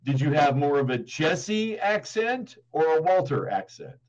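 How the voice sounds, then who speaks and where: A man tutoring English over a video call, talking in a relaxed, encouraging way and often repeating words. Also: fairly high pitch, a little slow, muffled recording. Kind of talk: casual tutoring chat.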